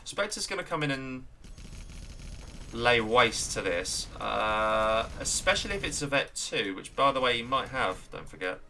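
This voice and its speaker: A man with an English accent doing chatty, excitable live commentary on a strategy game match, greeting viewers along the way. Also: mid-range voice, measured pace.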